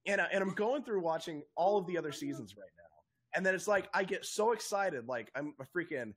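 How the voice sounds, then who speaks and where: A young man chats on a podcast, his husky voice leaping up and down as he rants with plenty of swearing. He sits a bit high for a man and never stays flat for long. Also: fairly quick. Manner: excitable, profane ranting. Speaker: podcast co-host. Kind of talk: casual chat.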